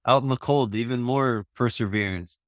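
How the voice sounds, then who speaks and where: A man's voice: mid-range voice, normal speed, no room sound, clean studio sound. A man hosting a podcast interview, encouraging and asking follow-up questions that rephrase what the guest said. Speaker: podcast host. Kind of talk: casual interview.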